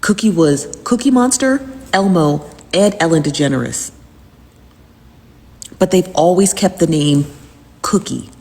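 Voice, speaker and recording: Woman host, lowish voice, rambling casual recap, long reverb on the recording. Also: animated, unhurried, pauses often, a little mellow. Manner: rambling and repetitive, with frequent fillers. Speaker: host recapping live-stream drama. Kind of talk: casual chat.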